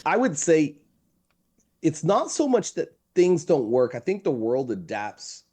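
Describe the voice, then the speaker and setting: A man speaking as a marketing consultant guest in a conversational interview, emphatic and animated, repeating his key phrases and telling stories. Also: a little high, unhurried, husky.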